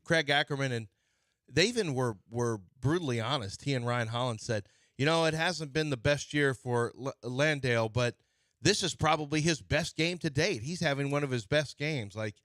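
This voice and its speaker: Bright, animated sports radio man. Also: medium pitch, normal speed, no echo, clean studio sound. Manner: animated, playfully argumentative, jumps between topics. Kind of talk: casual sports talk banter. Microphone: studio mic.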